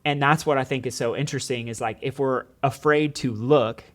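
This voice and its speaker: A man's voice: mid-range voice, steady tone, a little fast, fairly bright tone. A man, a former teacher, talking in a casual podcast conversation, telling earnest stories and quoting his students and their parents. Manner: earnest storytelling with many "like"s and quoted dialogue.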